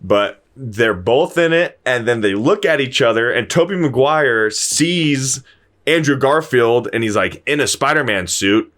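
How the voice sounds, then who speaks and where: A man's voice: medium pitch, lively intonation, measured pace, a bit bright. A man casually retelling a film plot as a podcast host, acting out the characters' lines and swearing freely. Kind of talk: casual spoiler chat.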